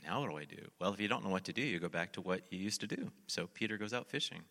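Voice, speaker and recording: Preaching quickly with vocal fry, this pastor has a very low voice and a bright, forceful tone. He brings the sermon to life by voicing the characters and dramatizing scripture quotes, while long reverb fills what sounds like a big hall.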